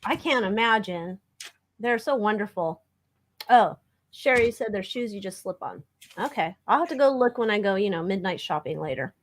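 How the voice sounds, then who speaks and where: A woman's voice: mid-range voice, expressive, normal speed. A woman co-hosting a live tarot stream, chatting in a playful, bubbly way and swearing casually. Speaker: tarot reader co-host. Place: home room.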